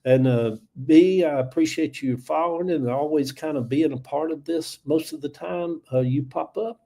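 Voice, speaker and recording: Older Southern man, seventy, Georgia drawl, folksy rambling host, mellow voice pitched a bit high. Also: moderate pace. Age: 70s. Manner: rambling, folksy, thanks viewers, trails off with many uhs. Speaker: livestream host. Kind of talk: casual livestream chat.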